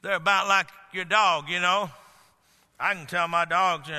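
A male pastor preaches emphatically, his voice pitched high and ringing with a very bright, sharp edge. He weaves plain storytelling into forceful declarations. The sound carries a long reverb, as if recorded in a large church sanctuary. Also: fairly even intonation, a little slow. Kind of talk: sermon.

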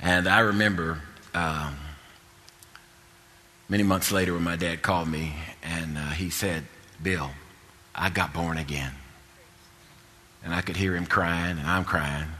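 A preacher man with a bright, pressing edge to a somewhat low voice. He tells his stories earnestly, repeats himself as he goes, and presses hard on his points. His voice rings with the long reverb of a big sanctuary. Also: steady tone, normal speed. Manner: earnest, repetitive, builds to emphatic exhortation. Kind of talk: sermon with personal storytelling.

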